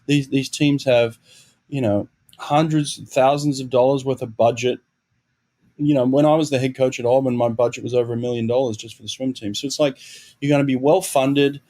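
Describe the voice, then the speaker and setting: A man's voice: medium pitch, steady tone, fairly quick, dark tone. A middle-aged Australian man, a swim coach and guest, speaks candidly and reflectively in a podcast interview, restarting phrases and adding "you know".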